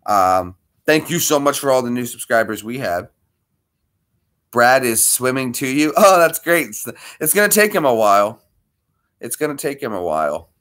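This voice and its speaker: Lively man chatting on a livestream. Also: medium pitch, normal speed. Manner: animated, greets viewers by name, talks to his dog. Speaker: livestream host. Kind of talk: casual livestream chat.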